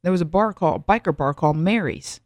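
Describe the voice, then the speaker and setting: A woman's voice: fairly low pitch, lively intonation, fast talker, a little mellow, dry recording. Rambling middle-aged woman, dry sound. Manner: rambling, with frequent restarts and asides. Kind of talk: reflective solo monologue.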